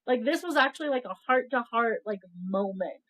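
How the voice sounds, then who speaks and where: A woman's voice: a little high, fairly quick, poor audio. A young woman co-hosting a casual podcast, retelling a book's plot with swearing, laughter and acted-out lines. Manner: animated storytelling, acts out characters' lines, laughs often, swears casually. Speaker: podcast co-host. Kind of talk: casual book review chat.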